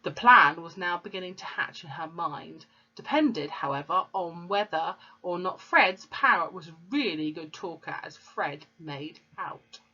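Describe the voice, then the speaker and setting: A woman reads a storybook to children, stopping to explain pictures and words. Her voice is lowish, bright and husky. The recording is dull and lo-fi. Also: animated, a little slow, hardly any pauses. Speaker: teacher reading aloud.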